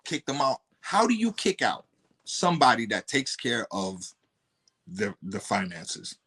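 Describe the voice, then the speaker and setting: A man, a podcast guest telling a story bluntly and profanely, his voice jumping high in outbursts. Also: sing-song, measured pace, bright, forceful tone, a little hiss or hum.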